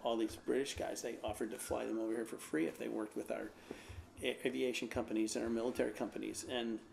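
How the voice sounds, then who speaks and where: A man's voice: medium pitch, little pitch movement, quick pace, creaky, darkish tone, slight background noise. A man, an American pastor, telling a rambling personal anecdote in a casual way, with lots of fillers. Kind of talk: casual storytelling.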